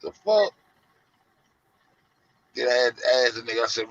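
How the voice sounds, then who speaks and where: A man's voice: medium pitch, animated, moderate pace, pauses often. A man hosting a casual commentary show, rambling and profane, acting out the people he talks about. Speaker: show host. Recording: lo-fi dull audio.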